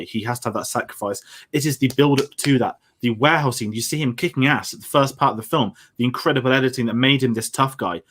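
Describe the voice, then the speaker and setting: A man debating at a rapid clip on a podcast. He argues forcefully, piling one point onto the next. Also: medium pitch. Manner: fast, forceful arguing.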